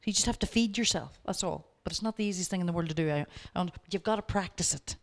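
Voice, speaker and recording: A woman speaking at a workshop, telling lively stories and coaching her audience directly. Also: on the low side, fast talker. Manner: lively anecdotes, acting out both sides of the dialogue. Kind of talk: storytelling lecture.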